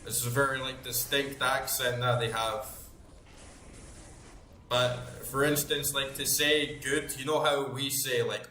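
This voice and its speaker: A man's voice: mid-range voice, steady tone, unhurried, sharp tone. Man, thirties, gaming host, casual rambling chat, swears, echoey room, faint hiss. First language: English. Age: 30s. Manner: rambling, swears freely, many fillers. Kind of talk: casual chat while playing. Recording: roomy echo, faint background noise.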